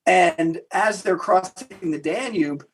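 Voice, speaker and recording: A man being interviewed as a historian, telling lively anecdotes with frequent restarts. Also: sits high, slow. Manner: animated anecdotal storytelling with repeated restarts. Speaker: guest historian. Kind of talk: storytelling interview answers.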